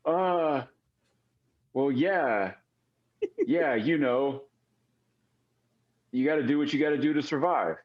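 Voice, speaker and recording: A man's voice: on the high side, takes it slowly, long pauses, lo-fi sound. A man voicing a wary, streetwise orphan boy with a sarcastic drawl. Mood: guarded.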